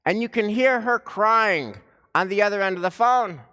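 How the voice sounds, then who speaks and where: A man delivering a sermon as a rabbi, telling a story slowly and deliberately with dramatic pauses, recorded in a synagogue sanctuary. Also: high voice, expressive, sharp tone, clean tone. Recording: long reverb of a large sanctuary.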